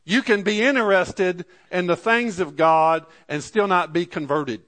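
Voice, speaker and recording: Brief: male pastor mid-sermon, slightly higher voice, measured scripture readings, quieter low asides. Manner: archaic scripture readings, repeated "Amen".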